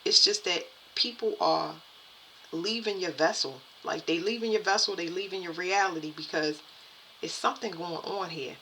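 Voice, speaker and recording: A woman giving a spiritual card reading to her viewers, halting and repeating herself as she talks. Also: lowish voice, sharp tone, a little hiss or hum, poor audio. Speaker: tarot and energy reader.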